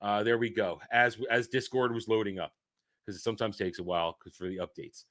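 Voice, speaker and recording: A man hosting a casual livestream, rambling and excitable, swearing and swinging between loud outbursts and low muttering. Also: brisk. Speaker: streamer host.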